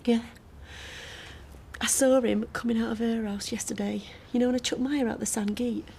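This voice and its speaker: An actress playing a wry, guarded young barmaid with a dry, sardonic manner. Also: female voice, on the high side, steady tone, fast talker, warm tone, slight background noise, lightly acted. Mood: upset.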